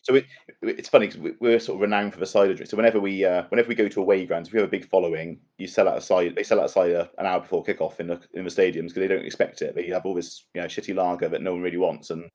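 A man from Bristol with a Bristol accent, a guest on a casual podcast chat, giving his views in a measured way. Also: low-pitched, flat delivery, a little mellow. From Bristol, England. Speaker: podcast guest, marketing professional. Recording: slightly dull lo-fi audio.

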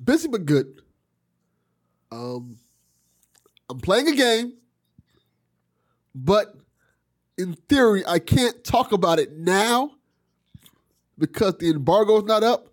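A man's voice: sits high, sing-song, takes it slowly, long pauses. A man co-hosting a podcast, chatting casually and explaining things at length. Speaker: podcast co-host. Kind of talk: casual chat.

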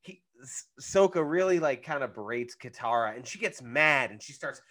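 A man's voice: mid-range voice, lively intonation, moderate pace, fairly bright tone. A man co-hosting a casual podcast, retelling a cartoon episode with wry humor and acted-out lines. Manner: wry storyteller, acts out scenes with comic lines. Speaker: podcast co-host. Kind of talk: casual chat recapping a cartoon.

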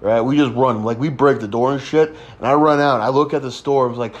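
A man's voice: medium pitch, a little fast, few pauses. A young man in his twenties telling a rambling, crude story in a casual chat. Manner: crude, rambling, laid-back. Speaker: podcast host.

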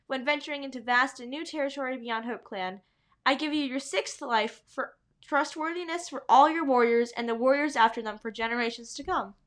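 A woman's voice: sits high, fairly quick, a bit bright. A woman voicing a male warrior cat spirit who speaks in a ceremonial, formal way.

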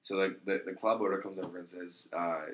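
Low-voiced man telling a long joke. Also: fairly quick, roomy sound. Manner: relaxed, trailing off into quiet mumbles, swearing freely. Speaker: podcast co-host.

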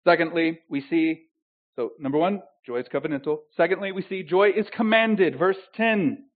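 A man preaching a sermon as pastor, swinging between loud emphatic declarations and quiet, intimate asides. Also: fairly high pitch, moderate pace. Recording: tinny phone-like sound.

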